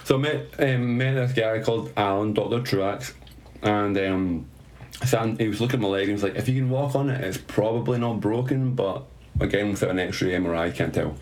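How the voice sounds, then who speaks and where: A man's voice: lowish voice, normal speed, darkish tone. A man telling a story in a casual chat, swearing, laughing and mocking himself. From Scotland.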